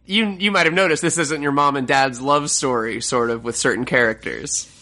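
A man's voice: mid-range voice, moderate pace, sharp tone. A man co-hosting a podcast, chatting loosely about song lyrics, joking and swearing casually. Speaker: podcast co-host.

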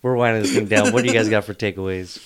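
A man's voice: fairly low pitch, fairly even intonation, racing, clear, resonant tone. A young man hosting a casual podcast, telling a rambling story and laughing often. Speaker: podcast host.

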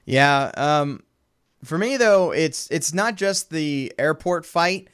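A young man co-hosting a podcast in casual chat, bursting with excitement. His voice sits a little high, and he keeps slipping into animated impressions of movie characters as he retells scenes. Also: slow pace, clean tone. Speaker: podcast co-host.

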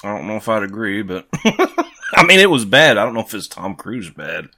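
A man co-hosting a casual film podcast, making hesitant, measured remarks. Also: on the low side, very animated, bright, forceful tone. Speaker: podcast co-host.

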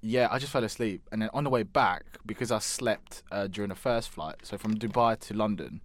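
A man's voice: fairly low pitch, brisk. A man co-hosting a podcast, chatting casually and rambling, swearing often and restarting his sentences. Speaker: podcast co-host. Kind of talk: casual chat.

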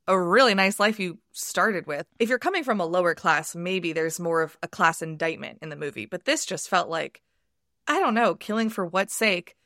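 A woman from the United States co-hosting a podcast, talking about a film in a lively way and cutting into her own sentences. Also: fairly low pitch, no room sound, clean studio sound. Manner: animated, self-interrupting storyteller. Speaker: podcast co-host. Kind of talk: casual film discussion.

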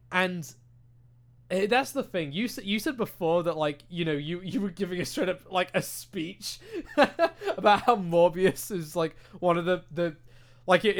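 A young British man chatting casually into a desk mic on a podcast, ranting animatedly with lots of swearing and filler words. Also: sits high. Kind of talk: casual chat. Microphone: desk microphone.

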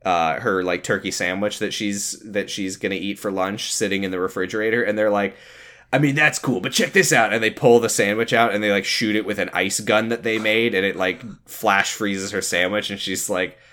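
A man retelling a TV episode in casual chat, rambling with lots of "like" and dropping his voice low as he narrates. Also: flat delivery, brisk, hardly any pauses, a bit bright. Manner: rambling, full of "like" and fillers, drops low when narrating. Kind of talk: casual chat recapping a show.

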